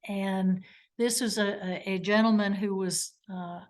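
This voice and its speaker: A woman's voice: mid-range voice, fairly even intonation, unhurried. Woman lawyer teaching in a webinar. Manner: storytelling, acts out witness and lawyer exchanges. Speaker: trial lawyer giving a legal education talk. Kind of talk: live webinar lecture.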